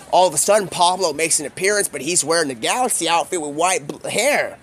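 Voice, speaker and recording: A young man, a streamer, telling a rambling improvised story and quickly shifting his voice for the characters he quotes. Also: a little high, expressive, a bit bright.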